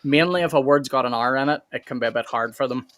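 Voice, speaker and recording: A man's voice: mid-range voice, quick pace, fairly bright tone. A man, co-hosting a casual chat and explaining things in a dry, matter-of-fact way. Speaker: co-host.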